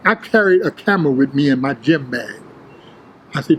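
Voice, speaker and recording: An older man, an interview guest, telling prison and gym stories in a streetwise, profane, animated way, acting out the others' lines. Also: medium pitch, moderate pace, a little hiss or hum, low-quality recording. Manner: streetwise, profane, animated retelling with quoted voices. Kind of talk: casual storytelling.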